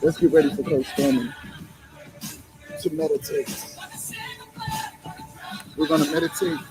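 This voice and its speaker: A man's voice: fairly high pitch, fairly even intonation, unhurried, music in the background. A man hosting a live stream, talking bluntly and profanely, firing rhetorical questions. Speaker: livestream host. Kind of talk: blunt motivational live talk.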